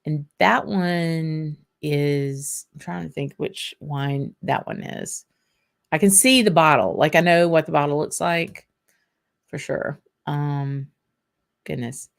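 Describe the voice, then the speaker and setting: Southern woman host, low and unhurried, loose chatty livestream talk full of ums. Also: gravelly. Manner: chatty, drawling, with frequent ums and laughs. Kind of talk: casual chat reading viewer comments.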